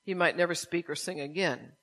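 A man preaches with a slightly high voice. He reads a story aloud, then turns to his listeners with pointed rhetorical questions about forgiveness. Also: fairly quick, fairly bright tone. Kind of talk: sermon with story reading.

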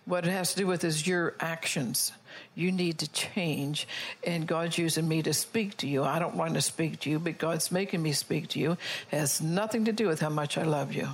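A woman preaching a sermon, emphatic and scolding, who calls on the congregation to agree and slows down for quoted scripture. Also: low voice, steady tone, husky.

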